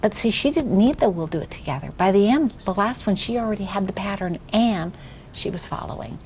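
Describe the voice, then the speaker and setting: Woman, reading tutor, patient, encouraging, slow soft whispers, faint hiss. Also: medium pitch. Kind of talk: demonstration reading lesson with a child.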